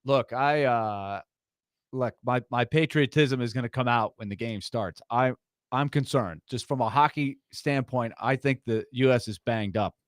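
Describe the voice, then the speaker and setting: A man's voice: mid-range voice, a little slow, no echo, studio quality. A man co-hosting a sports talk show, breaking down a game in a hesitant, analytical way. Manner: hesitant, analytical, restarts sentences.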